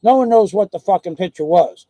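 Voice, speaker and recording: A man's voice: high voice, lively intonation, brisk, dark tone, no room sound. A man ranting angrily into his own video, swearing nonstop and mocking the people he is complaining about. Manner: furious, swearing constantly, mocking others. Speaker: vlogger. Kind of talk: angry profane rant.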